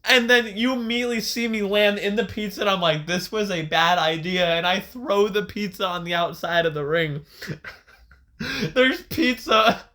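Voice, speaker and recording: Excitable young man telling a wild story. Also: high-pitched, moderate pace. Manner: animated storytelling, profane, laughs often. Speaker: podcast co-host. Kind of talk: casual chat, retelling a match.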